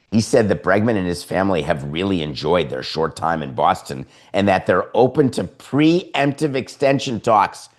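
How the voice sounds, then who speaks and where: A male podcast host who talks sports in a lowish voice, sarcastic and opinionated. He moves quickly from point to point with an animated, needling delivery. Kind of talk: sports talk commentary.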